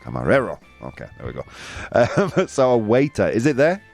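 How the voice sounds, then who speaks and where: A man with a lively, bouncing voice hosts a quiz game with his viewers. He reads out their answers, teases and laughs as he goes. Faint music plays quietly under him. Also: medium pitch, moderate pace. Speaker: host. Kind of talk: live-stream game show with chat.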